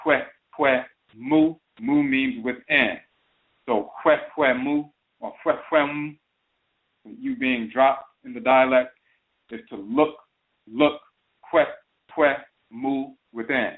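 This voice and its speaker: A man delivers an explanatory lecture as the host of a talk radio show, speaking at an ordinary middle pitch. He slows down to repeat and spell out terms. The sound is thin and narrow, as if carried over a phone line. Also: steady tone. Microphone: phone call into a talk radio show.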